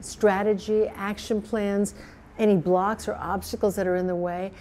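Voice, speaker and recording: A woman's voice: mid-range voice, warm tone. An older woman, a pioneer of coaching, talking earnestly to camera and building long lists of phrases. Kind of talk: reflective talk to camera.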